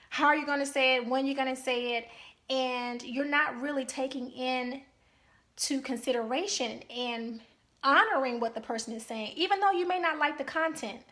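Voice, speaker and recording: A woman's voice: high-pitched, a bit bright. A woman marriage counselor giving an earnest, emphatic talk to couples, often checking in with "okay?".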